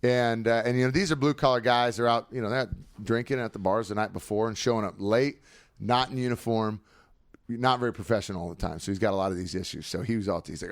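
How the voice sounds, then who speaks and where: A man's voice: fairly low pitch, fast talker, no room sound, studio quality. A man, a former football player, telling stories energetically in a casual podcast chat. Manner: energetic, animated storyteller with lots of fillers.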